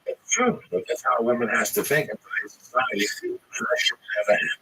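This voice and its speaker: A man in loud, rambling, profane casual chat. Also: medium pitch, huge pitch swings, fast, breathy edge, poor audio.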